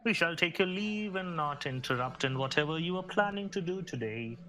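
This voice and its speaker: A man voicing a nervously polite male mutant who speaks in a high, overly formal way to calm a threat in a tabletop game. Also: fairly quick, a little hiss or hum. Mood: placating. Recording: distant mic with music bed.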